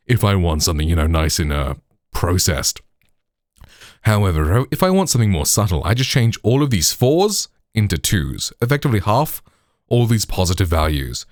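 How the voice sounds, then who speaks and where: Deep-voiced British man explaining gear. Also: a little mellow, no room sound, clean studio sound. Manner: chatty, with frequent "like", "you know" and "right". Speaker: tech tutorial host. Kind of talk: casual tutorial explanation. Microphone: processed studio microphone.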